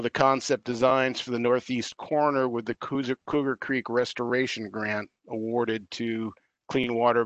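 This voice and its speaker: Man, clear smooth voice, dry close sound, steady meeting-call update full of fillers. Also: medium pitch, no room sound, highs cut off. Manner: measured, with frequent fillers and restarts. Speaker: staff member giving an update. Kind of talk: meeting report by audio call. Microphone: audio-only call, no camera.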